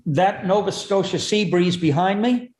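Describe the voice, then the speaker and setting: A man, a guest comedian, telling vivid comic stories in rapid bursts. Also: high-pitched, darkish tone. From Canada. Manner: rapid, vivid comic storytelling with voiced impressions. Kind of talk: animated storytelling chat. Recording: echoey room.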